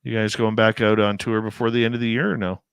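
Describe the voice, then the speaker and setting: A middle-aged man hosting a radio show, chatting casually and warmly calling his guest brother and man. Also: lowish voice, level tone, fast talker, vocal fry, smooth, dry recording, clean studio sound. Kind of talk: casual interview chat.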